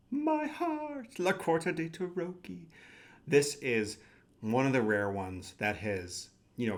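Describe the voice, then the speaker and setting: Guy vlogging about his tarot decks, gushy and jokey, voice swoops up and down a lot. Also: medium pitch. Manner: animated, gushing, self-mocking asides. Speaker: tarot deck collector. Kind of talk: casual vlog chat.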